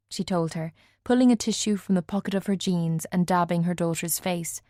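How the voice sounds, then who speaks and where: A woman narrating a first-person audiobook in a measured way, lightly voicing the other characters. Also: lowish voice, steady tone, darkish tone, no echo. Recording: dry studio recording.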